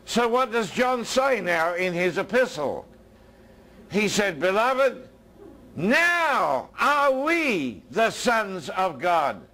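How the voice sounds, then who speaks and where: An American man preaching a sermon as a minister, his voice dropping low and soft and then rising again. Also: big pitch swings, takes it slowly.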